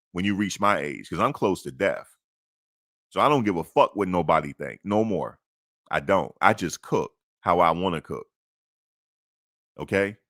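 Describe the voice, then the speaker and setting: Man, deep voice, blunt preachy sports talk, AAVE, dry close mic. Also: no echo. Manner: preachy and blunt, swears, swings to high excited pitch. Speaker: sports show host. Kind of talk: emphatic sports talk monologue.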